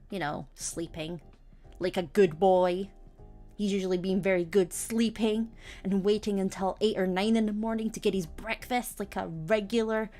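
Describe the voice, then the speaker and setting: A woman's voice: medium pitch, a little mellow. A young woman streamer chatting casually to her viewers, telling stories about her cats and laughing often. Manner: chatty storytelling, giggly, acts out her cats. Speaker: VTuber streamer.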